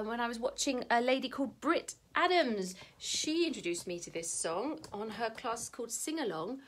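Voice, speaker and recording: A woman's voice: on the high side, bright, forceful tone, a little hiss or hum. An English woman leading a children's music class, chatting encouragingly and breaking into nursery songs and animal noises. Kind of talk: singing and talking to young children.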